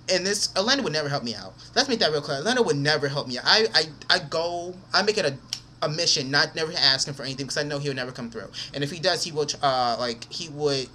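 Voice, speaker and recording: A man's voice: on the high side, bright, forceful tone, a little hiss or hum. Angry young man ranting to camera. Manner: heated, profane, repeats himself. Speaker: vlogger.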